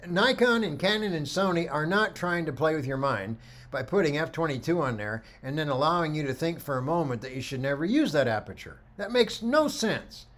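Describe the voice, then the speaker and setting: A middle-aged man teaching photography, talking through slides with lively stories and acted-out dialogue. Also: fairly high pitch, a little fast. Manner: animated storyteller, acts out dialogue. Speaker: photography instructor. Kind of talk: lecture with slide commentary.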